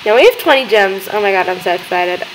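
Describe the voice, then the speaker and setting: A young woman hosting a gaming video, chattering excitedly as she plays and talking to the characters on screen. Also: mid-range voice, quick pace, slight background noise, poor audio. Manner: excitable, gasping, talks to game characters. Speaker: gaming channel host. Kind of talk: let's-play commentary.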